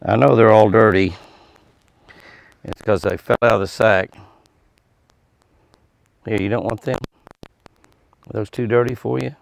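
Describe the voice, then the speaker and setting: A man's voice: lowish voice, fairly even intonation, unhurried, gravelly, long pauses. A man talking casually to deer on his ranch, coaxing them in and chatting to viewers in a folksy way. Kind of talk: casual talk to animals and viewers. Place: outdoors at a deer pen.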